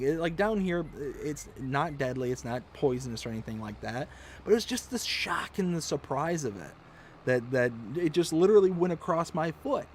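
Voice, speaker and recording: A man hosts a relaxed gaming livestream and chats with a friend, acting out his shrieks as he tells a story. His pitch sits slightly high and swings widely. A faint hiss hangs in the background. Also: moderate pace. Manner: animated storyteller, acts out his own shrieks. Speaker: livestream host. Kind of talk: casual chat while gaming.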